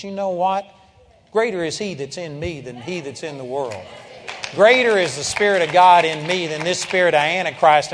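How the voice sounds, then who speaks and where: An older man preaching a sermon, telling stories in a lively way and now and then bursting into loud shouts of praise. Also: fairly high pitch. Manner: storytelling, animated, breaks into loud praise shouts. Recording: long hall reverb.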